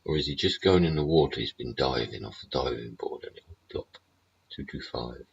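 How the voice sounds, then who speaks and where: Brief: British male stream host, extremely low husky voice, blunt sweary political rant, lo-fi dull audio. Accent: British English. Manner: blunt, profane, rhetorical tags. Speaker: livestream host.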